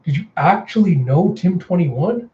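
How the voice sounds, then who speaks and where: Man reading as a prickly grieving girl, curt and sullen, slightly raised pitch, mellow tone. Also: expressive, unhurried, lo-fi sound.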